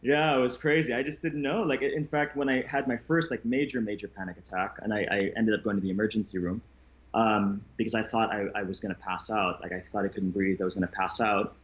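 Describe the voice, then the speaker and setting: A man being interviewed as a guest, telling his story candidly with halting restarts. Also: fairly low pitch, fairly even intonation, lo-fi sound. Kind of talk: casual conversation.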